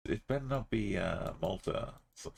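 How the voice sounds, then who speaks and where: A man's voice: fairly low pitch, lively intonation, normal speed, creaky, slightly rough. A man streaming a geography game, muttering and thinking aloud in casual commentary, sometimes humming to himself.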